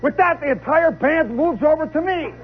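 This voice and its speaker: A man telling a comic story live, animated and dramatic, with chatty asides to the listener. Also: very high-pitched, moderate pace. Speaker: radio storyteller. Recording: lo-fi 1960s radio recording with faint hiss.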